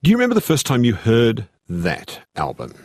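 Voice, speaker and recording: A man hosting a radio interview, eager and quick to jump in with amused reactions. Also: mid-range voice, huge pitch swings, a little mellow, no room sound.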